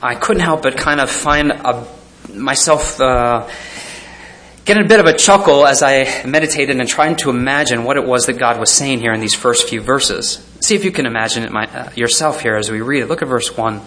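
Bright-voiced man preaching a sermon. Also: medium pitch, normal speed. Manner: animated, chuckling often, reads scripture aloud; hesitant fillers and restarts. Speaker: pastor.

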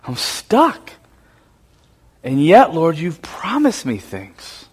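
A man preaching voices a frightened man praying in shame and fear, hushed and halting. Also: on the high side, wildly swooping pitch, slightly rough, exaggerated voice. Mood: fearful pleading. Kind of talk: sermon, acted quote.

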